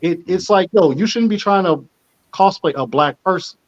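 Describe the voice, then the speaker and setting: A man's voice: sits high, moderate pace. A man hosting a casual panel discussion, speaking earnestly and with emphasis. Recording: muffled lo-fi audio.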